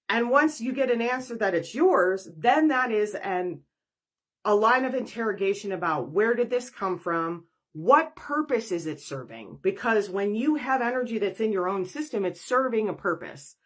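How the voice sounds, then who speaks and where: A woman's voice: mid-range voice, expressive, moderate pace. A woman, a professional energy worker, talking through a spiritual podcast monologue in a conversational way, acting out inner dialogues.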